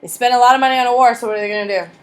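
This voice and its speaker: A woman teacher with a fairly high voice gives a history lecture in a classroom. She talks bluntly and with lively energy, firing rhetorical questions at her class. A faint noise sits under her voice. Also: very fast. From United States.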